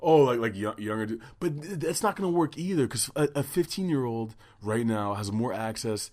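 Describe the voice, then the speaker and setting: A man co-hosting a podcast in casual chat. He swears a lot, rambles, and talks in an animated way. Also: mid-range voice, moderate pace. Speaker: podcast co-host.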